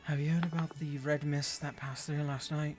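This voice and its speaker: A gossiping roadside traveler, put on by the game master in a quick, hushed, lilting Irish-style accent, swapping rumors of danger. The voice sits at an ordinary middle pitch. Faint fantasy music plays under it. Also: little pitch movement, natural voice. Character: gossiping lost traveler on the road.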